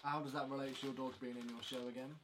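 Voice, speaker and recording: A young man rambles through a casual chat with his friends, cracking crude jokes. His voice sits at an ordinary middle pitch, with faint noise behind it. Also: level tone, rapid-fire.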